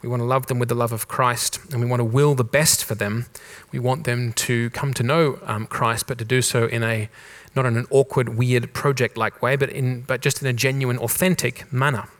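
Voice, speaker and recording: A male pastor from Australia preaches conversationally in a German church, his mild Australian accent leaning toward neutral English. His medium-pitched voice stays level at normal speed with hardly any pauses, and he restarts phrases and repeats rhetorical questions.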